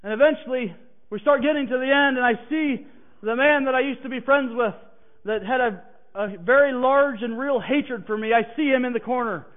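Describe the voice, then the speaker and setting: A man preaching a personal testimony who swings from hushed, halting passages to emphatic declarations. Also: extremely high pitch. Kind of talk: sermon testimony. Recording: tinny phone-like sound.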